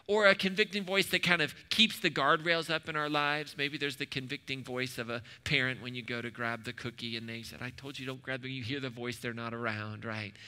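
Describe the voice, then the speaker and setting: A man's voice: fairly high pitch, pushed and bright, big-room sound. A man preaching a sermon at a church in a conversational way, asking the room questions and adding joking asides. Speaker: pastor. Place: church hall.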